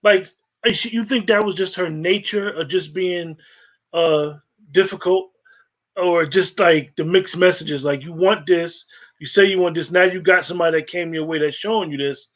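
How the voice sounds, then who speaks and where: A man co-hosting a casual chat, asking laid-back, halting questions. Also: high-pitched, fairly bright tone. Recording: muffled lo-fi audio.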